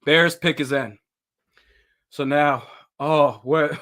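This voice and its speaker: A man hosting a casual livestream, talking back at the screen and breaking into laughter and shouts. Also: medium pitch, a little slow, pauses often. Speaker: livestream host.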